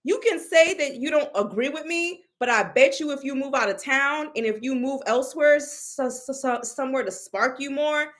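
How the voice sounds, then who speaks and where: A young woman telling a story in a casual, expressive way, exclaiming and mimicking others, with many restarts. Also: high voice, normal speed, few pauses. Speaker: storyteller recounting a reading.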